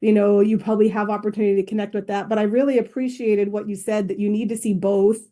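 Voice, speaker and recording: A woman's voice: medium pitch, flat delivery, fast talker, dark tone. A woman co-hosting a podcast interview. She is reflective and affirming as she thinks aloud. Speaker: podcast co-host. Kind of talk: interview conversation.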